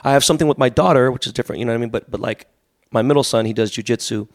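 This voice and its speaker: A man's voice: mid-range voice, no echo, clean studio sound. A man in his forties, a podcast guest, telling rambling stories full of fillers. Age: 40s. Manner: fast, rambling storytelling with many fillers. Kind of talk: casual podcast chat.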